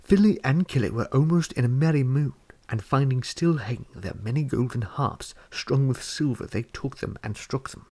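A man narrating a fantasy storybook chapter in a measured reading voice. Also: medium pitch, animated, warm tone. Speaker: audiobook reader.

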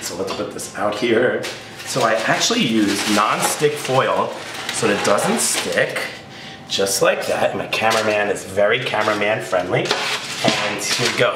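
A man's voice: mid-range voice, background noise. A man from New Jersey hosting a cooking demonstration in a kitchen, talking in a playful, theatrical, joking way. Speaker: cooking show host. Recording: very echoey room, distant mic.

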